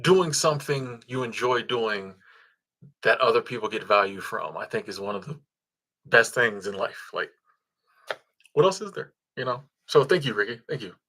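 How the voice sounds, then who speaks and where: Speaking at a moderate pace with lively intonation, this man has a medium-pitched voice and a sharp tone. He's hosting a laid-back livestream, chuckling as he reads viewer comments and thanks supporters, full of ums and restarts.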